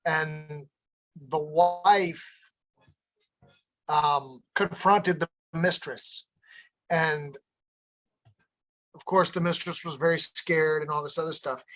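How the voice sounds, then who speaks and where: A man's voice: on the high side, fairly even intonation, slow, long pauses, a bit bright, rough recording. Guy co-hosting a chat show, rambling and cursing his way through a story. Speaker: co-host. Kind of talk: casual podcast banter.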